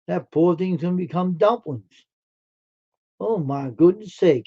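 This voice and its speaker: A man's voice: a little high, lively intonation, moderate pace, warm tone. Folksy chatty man on a lo-fi stream. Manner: folksy, chatty, answers chat comments. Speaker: live stream host. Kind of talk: casual chat with viewers.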